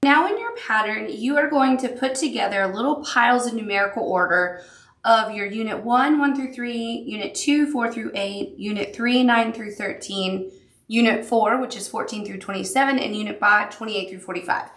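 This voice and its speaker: A woman's voice: on the high side, normal speed, a bit bright, roomy sound. Upbeat woman teaching a quilting tutorial. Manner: upbeat, encouraging, talks the viewer through each step. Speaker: quilting instructor. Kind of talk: step-by-step craft tutorial.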